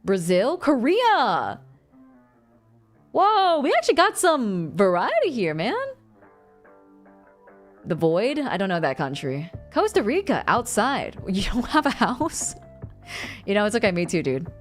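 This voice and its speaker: Lively young woman chatting on stream. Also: medium pitch, a little slow, pauses often, soft background music. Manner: animated, laughs often, reads chat aloud. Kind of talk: casual live-stream chat.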